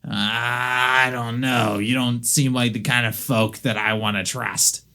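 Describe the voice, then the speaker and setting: Suspicious goblin thief, as the game master puts him on, mid-pitched, clipped and wary. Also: steady tone, slow pace, bright, forceful tone. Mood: threatening. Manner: suspicious, hesitant, clipped grammar.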